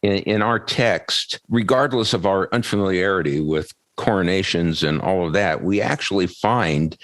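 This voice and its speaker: An American man co-hosting a podcast, talking through scripture in a measured, explanatory way. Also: low voice, no echo. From United States. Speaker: podcast co-host. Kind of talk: casual Bible discussion.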